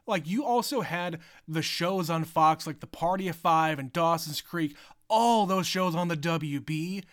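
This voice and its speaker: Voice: medium pitch, unhurried, fairly bright tone. A podcast host leading a casual movie chat in an easygoing, agreeable way. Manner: easygoing, agreeable, lots of "like" fillers.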